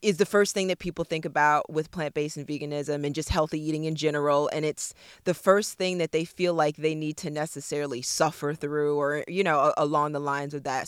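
An enthusiastic, effusive woman hosting a casual interview. Her voice is smooth and resonant, at a middle pitch, and the recording is dry and close. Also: no echo. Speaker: host.

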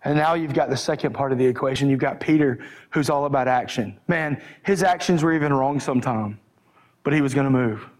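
A man's voice: medium pitch, a little fast. A man preaching a sermon, fervent at times and conversational at others. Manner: shouting and fervent, then calmer and conversational.

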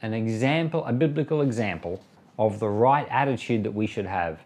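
This man's voice is on the low side and a little mellow, with lively intonation and a moderate pace. He's a pastor reading from the Bible and following it with casual commentary, at times performing the voices of those he quotes.

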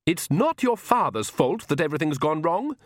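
A fussy, fretful vampire countess, put on by a man. The voice is pushed up very high into a falsetto, placating and anxious. The recording is dry and close. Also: sing-song, normal speed, no echo.

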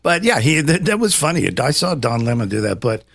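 A man with a high, very lively voice hosts an opinionated talk show. He rants and mocks with strong emphasis. The sound is dry and close, with no room tone. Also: fairly quick, gravelly, dry recording. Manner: animated, mocking, emphatic rants. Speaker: host.

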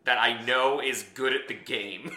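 A man co-hosting a casual podcast, with a bright, forward voice. He rambles and hedges his points with lots of fillers. The room around him is echoey. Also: medium pitch, fairly even intonation, unhurried. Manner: rambling, hedging with many fillers. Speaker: podcast co-host. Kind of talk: casual chat.

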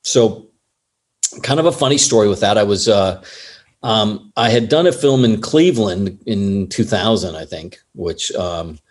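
Man telling a lively anecdote. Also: fairly low pitch, measured pace. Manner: lively storyteller who acts out other people's lines. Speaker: assistant director. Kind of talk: casual anecdote in an interview.

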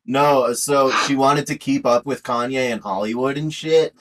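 Casting: foul-mouthed male podcast co-host, mid-pitched, casual banter, swears freely. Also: fairly even intonation, moderate pace, rough recording. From Ireland. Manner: crude, swears a lot, laughs often. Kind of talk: casual chat.

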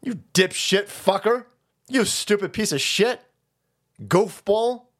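A man's voice: slow pace, a bit bright. A man hosting a political stream, ranting crudely and mocking people as he goes. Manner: crude, mocking, jumps into high mock voices.

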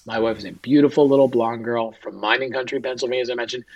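A man's voice: mid-range voice, steady tone, fast talker, dull audio. A man, a guest and author, telling an emotional personal story in an interview and acting out quoted dialogue.

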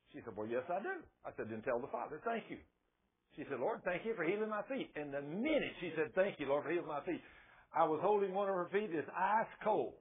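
Folksy preacher on tinny radio. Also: male voice, high-pitched. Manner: folksy storytelling, rising to fervent exhortation. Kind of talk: sermon. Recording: narrow phone-like radio broadcast.

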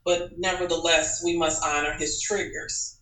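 Woman guest, bright voice, animated chatty storytelling, echoey room. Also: on the low side, moderate pace. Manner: animated and chatty, with many fillers and restarts. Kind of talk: casual personal storytelling.

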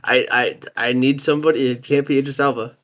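A man's voice: mid-range voice, fairly even intonation, brisk, fairly bright tone. A man co-hosting a casual podcast, running through the picks and asking questions between giggles. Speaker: podcast co-host running the list. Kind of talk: casual group chat.

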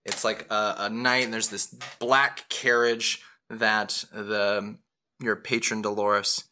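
A man's voice: fairly low pitch, little pitch movement, takes it slowly, pushed and bright, slight background noise. Rambling man running a tabletop game. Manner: rambling, with many fillers and self-corrections. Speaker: game master.

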